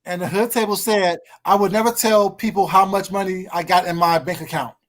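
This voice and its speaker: A co-host in casual gossip chat, often stumbling on repeated words and drawing some words out slowly. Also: medium pitch, steady tone. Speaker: livestream co-host.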